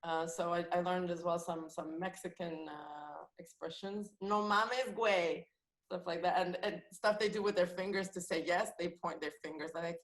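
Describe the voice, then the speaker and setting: A woman's voice: lowish voice, steady tone, normal speed, few pauses. Chatty woman comedian in a roomy space. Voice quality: chatty, laughs often, speaks freely with many restarts. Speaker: comedian and actress, podcast guest. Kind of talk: casual chat. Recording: roomy echoey sound.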